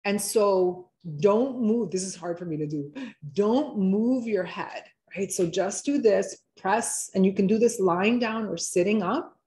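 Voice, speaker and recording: A woman's voice: medium pitch, a little mellow. Chatty woman leading a wellness workshop. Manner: chatty, encouraging, slows down to guide steps. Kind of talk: live online workshop, guiding exercises.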